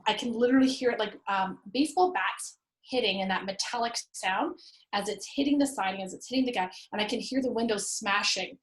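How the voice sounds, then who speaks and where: A woman, a real estate investor and landlord, telling an animated story about her rental properties, acting out what people said. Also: medium pitch, fairly quick, reverberant, rough recording. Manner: animated, acts out her own past quotes. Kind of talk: conversational storytelling.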